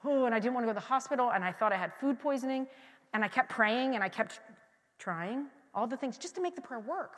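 A woman pastor giving a candid, conversational sermon with personal stories and frequent restarts, moving between quiet confiding and loud emphatic passages. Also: on the high side. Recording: long hall reverb.

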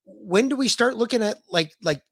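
Lively intonation marks this high, fairly bright male voice, which moves at a normal pace. He's an American podcast co-host spinning stories in loose conversation, cursing often and performing quoted lines with animation.

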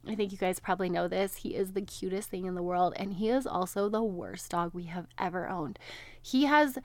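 A woman's voice: fairly low pitch, a little fast, dry recording. Woman in her thirties, podcast host, candid and chatty, laughs often, dry close sound. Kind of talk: personal chat to listeners.

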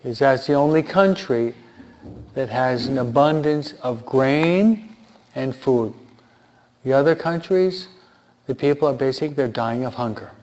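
This time the informal Bible teacher has a medium-pitched, darkish voice and an unhurried delivery. He questions his listeners rhetorically and repeats key points for emphasis, captured in a dull lo-fi recording.

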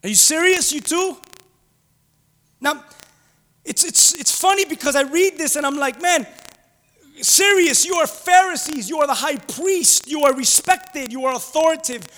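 A man preaching a conversational sermon, animated, with rhetorical questions and acted-out quoted voices. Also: very high-pitched, normal speed. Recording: long reverb of a large hall.

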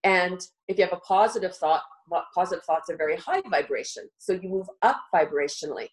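A woman's voice: on the low side, lively intonation, brisk, poor audio. A middle-aged woman guest on a live talk show, earnestly coaching listeners step by step. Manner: earnest coaching, walks listener through steps. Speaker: guest speaker.

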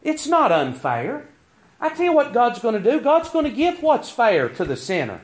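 Male preacher, high animated voice, slow deliberate sermon delivery. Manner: preaching cadence, rhetorical questions, quoting scripture.

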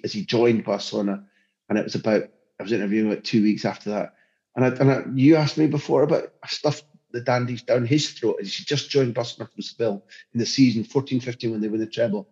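A football journalist with a lowish, warm voice speaks as a podcast guest. He's passionate and emphatic, often restarting his sentences during the interview. The sound is dull and lo-fi.

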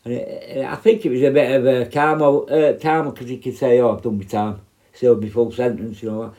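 Middle-aged bloke telling prison stories, sweary, blunt, rambles on, normal pitched voice. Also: male voice, fairly even intonation, fairly quick, dark tone. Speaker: former prison officer. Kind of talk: casual storytelling.

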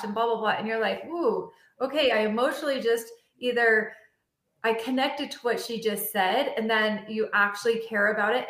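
Animated woman host in an echoey room. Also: on the high side. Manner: animated storyteller acting out dialogue. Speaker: podcast host. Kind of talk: casual interview chat.

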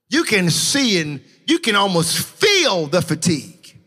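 High, bright-voiced male preacher. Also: very animated, a little slow. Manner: impassioned preaching, swinging from shouts to low, hushed lines; sing-song preacher's cadence. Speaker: pastor. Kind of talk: sermon.

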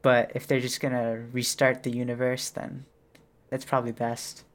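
A man co-hosting a podcast, relaxed and easygoing in casual chat. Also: medium pitch, moderate pace. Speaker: podcast co-host.

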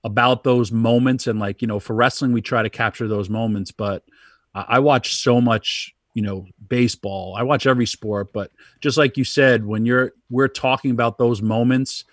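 A man's voice: mid-range voice, steady tone, moderate pace, dry recording, clean studio sound. A middle-aged man, a pro wrestler guest, telling rambling anecdotes with many restarts. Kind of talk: casual storytelling.

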